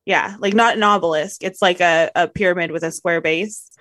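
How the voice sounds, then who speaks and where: A woman's voice: on the low side, steady tone, moderate pace, fairly bright tone, no room sound, studio quality. A woman co-hosting a casual podcast, telling stories in a rambling way and often correcting herself. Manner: rambling, self-correcting storyteller. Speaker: podcast co-host.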